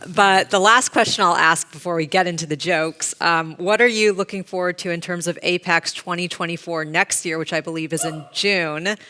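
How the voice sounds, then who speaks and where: A woman's voice: on the low side, sharp tone. A woman moderating an onstage fireside chat, upbeat and friendly. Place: conference stage.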